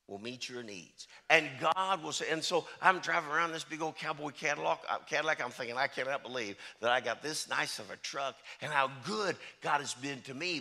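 A man's voice: on the high side, pushed and bright. A middle-aged man, a traveling preacher, telling folksy stories in a sermon and often repeating "I said" and "he said". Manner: chatty, storytelling, repeats "I said" and "he said".

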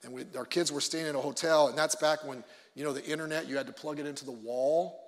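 A male pastor preaching a conversational sermon with joking asides, swinging between loud emphasis and quiet low remarks. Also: steady tone, quick pace, in a large hall.

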